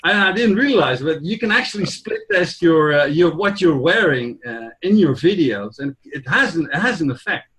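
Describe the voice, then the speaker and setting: A man chats casually and asks curious questions. His voice sits high for a man. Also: expressive, moderate pace, few pauses, a bit bright. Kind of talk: casual chat.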